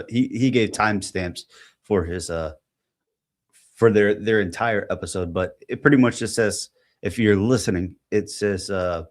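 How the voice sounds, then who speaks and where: Low-voiced man rambling through a solo podcast. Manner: rambling, halting, many fillers while thinking aloud. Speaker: podcast host. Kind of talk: solo podcast, reading posts aloud.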